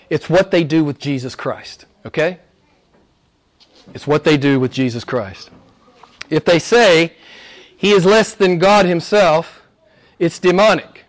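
A man preaches a sermon to his congregation, speaking emphatically and repeating phrases. His delivery drops low and quiet, then climbs high and loud.

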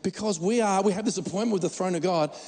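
A man's voice: high voice, fast talker, darkish tone, big-room sound. A man preaching a sermon as pastor, emphatic and joking, often restarting his words.

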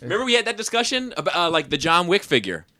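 A man's voice: sits high, sing-song, fast talker, sharp tone, no room sound. A man co-hosting a casual podcast chat, playful and jokey as he talks about games and collectibles. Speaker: podcast co-host.

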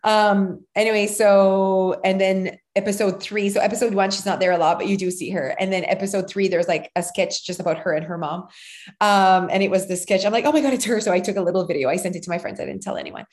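A woman in her thirties, co-hosting a casual podcast, telling a rambling story full of fillers and quick acted-out quotes. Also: medium pitch, fairly even intonation, darkish tone. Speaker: podcast co-host, mother of a child actor. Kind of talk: casual chat.

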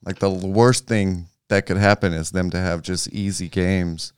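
A man co-hosting a sports podcast, chatting casually about basketball in a relaxed way, with restarts and trailing phrases. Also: low-pitched, normal speed, clear, resonant tone, no echo, clean studio sound. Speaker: podcast co-host.

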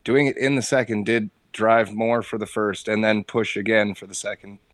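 A man co-hosting a casual gaming podcast, laying out his analysis in a measured way. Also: lowish voice, flat delivery, no room sound. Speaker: podcast co-host.

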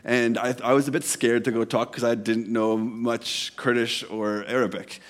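A man's voice: medium pitch, little pitch movement, moderate pace. A man, a pastor, preaching a sermon in a conversational way, telling a personal story and acting out bits of dialogue with frequent self-corrections.

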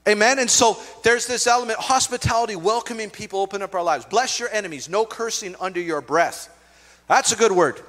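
Middle-aged man, pastor, casual storytelling sermon, higher-pitched voice, church hall reverb. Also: a little fast. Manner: conversational, animated storytelling with asides.

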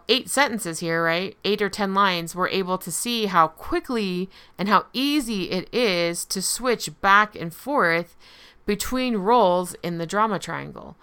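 A woman teaches in a relaxed, conversational way, often pausing on "um" and checking in with "right?". Her voice is bright, with a smooth, clear tone. The delivery stays informal throughout. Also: fairly low pitch. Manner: conversational explaining, frequent "right?" and "um". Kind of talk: casual spoken lesson.

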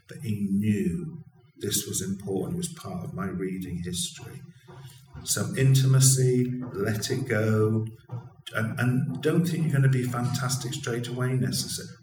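Earnest deep-voiced man, distant roomy sound. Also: normal speed. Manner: expressive, earnest, with frequent restarts. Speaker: guest, educational consultant and storyteller. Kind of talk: conversational interview. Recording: roomy, distant mic with faint ambience.

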